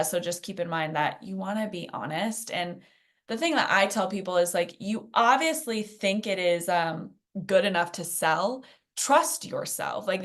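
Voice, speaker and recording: A woman presenting a live workshop in a chatty, conversational way, full of fillers and asides. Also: medium pitch. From Phoenix. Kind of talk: casual teaching in a live workshop.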